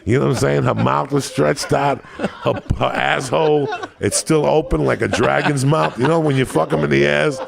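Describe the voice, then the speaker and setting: A man's voice: medium pitch, steady tone, moderate pace, gravelly, few pauses, crowd noise. A man telling crude, rambling comic stories as a podcast guest. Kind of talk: profane comic storytelling.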